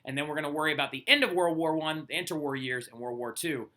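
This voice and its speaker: A young male teacher giving a casual recorded history lesson, chatty and animated, peppering his talk with "like" and "right?" and acting out quotes. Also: on the high side, quick pace, background noise.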